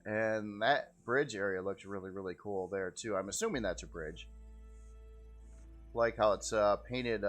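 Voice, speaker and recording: Man, game video host, casual rambling commentary, fairly low voice, faint music behind. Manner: easygoing, rambling, repeats "really cool".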